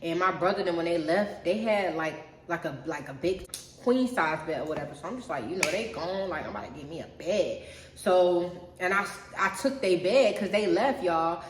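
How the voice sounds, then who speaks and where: A young woman with a slightly low voice spins a casual storytime for her channel, loose and profane, forever turning to her viewers. The sound has a noticeable roomy echo around it. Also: animated, normal speed, a little hiss or hum. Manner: chatty, profane, keeps addressing viewers as y'all. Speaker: storyteller vlogger.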